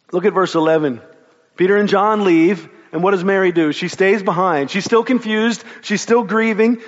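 A man's voice: high-pitched, long reverb tail, lo-fi sound. A man preaching a sermon, retelling a scripture story in a conversational, storytelling way. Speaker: pastor.

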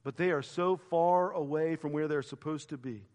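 A man preaching a sermon as pastor, retelling a story with expressive quoted voices and quiet reflective turns. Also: fairly high pitch, moderate pace, in a large hall. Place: church sanctuary.

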